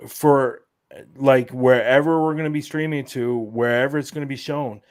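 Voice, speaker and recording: A man's voice: medium pitch, steady tone, moderate pace. A man talking as a guest on a casual podcast, laying things out in a loose, rambling way and padding his sentences with fillers. His voice sits in an ordinary middle register, and it sounds dry and close, with no room echo. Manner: rambling, explaining, many fillers. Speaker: guest, event organizer.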